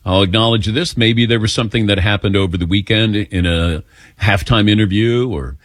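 A man hosting a sports radio show, running through the lineup in a relaxed, conversational way. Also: lowish voice, normal speed, dry recording, studio quality. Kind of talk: casual sports radio talk.

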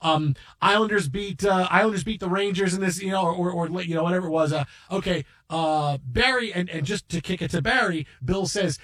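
A middle-aged man hosting a sports radio show, telling stories in an animated, rambling way with many restarts. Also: high voice, brisk, hardly any pauses. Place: radio studio.

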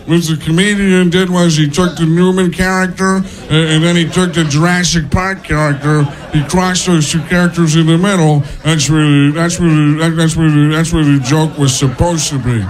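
A man's voice: on the high side, fairly even intonation, normal speed, few pauses. A man stammering as he explains a joke during a comedy bit. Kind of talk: stand-up bit. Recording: live club with loud crowd.

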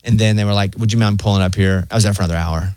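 A man's voice: rapid-fire, dry recording. Male co-host, casual banter, storyteller who slips into mimicry, dry booth sound. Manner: animated storyteller, mimics voices in a high pitch. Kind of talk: casual chat.

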